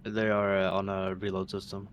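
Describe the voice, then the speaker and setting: Low-voiced man explaining tactics. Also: completely flat delivery, normal speed, highs cut off, a crowd in the background. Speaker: training organizer giving instructions. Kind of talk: casual voice chat during a game.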